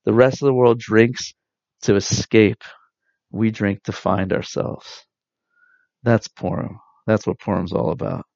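A man, likely in his thirties, giving an earnest, reflective spiritual talk with soft pauses. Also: lowish voice, gravelly, no room sound. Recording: dull dry lo-fi sound.

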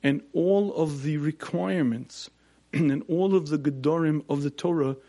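A man giving a Torah lecture, building points with rhetorical questions and repetition and clearing his throat often. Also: on the high side, measured pace, mellow. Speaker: religious teacher.

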